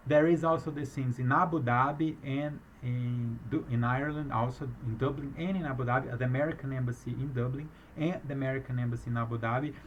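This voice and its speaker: A business owner recounting a fraud case in a rambling, halting way, with a foreign accent and many restarts. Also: male voice, mid-range voice, slight background noise, low-quality recording. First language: not English, speaks with a foreign accent. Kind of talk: emotional personal account.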